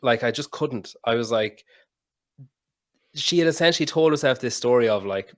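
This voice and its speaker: A man hosting a podcast, telling a story with animated quoted dialogue and plenty of swearing. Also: mid-range voice, moderate pace, pauses often. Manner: animated anecdote-telling, swears freely, mimics people in quotes. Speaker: podcast host. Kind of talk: casual podcast conversation, storytelling.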